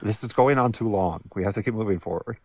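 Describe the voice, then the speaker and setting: A man's voice: on the low side, fast, a little mellow. A married man co-hosting a casual movie podcast, joking and teasing, laughing often. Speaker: podcast co-host. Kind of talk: casual movie-commentary chat.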